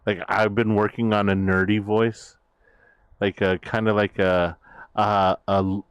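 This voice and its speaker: A man's voice: fairly low pitch, level tone, a little slow, clear, resonant tone, dry recording. A man chatting casually on his stream, rambling with many fillers and restarts. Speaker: VTuber streamer.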